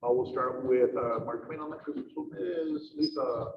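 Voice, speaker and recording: A man chairing a school board meeting, giving formal remarks in a halting way with many fillers and repeated words. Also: mid-range voice, fairly even intonation. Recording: distant, muffled, roomy with noise.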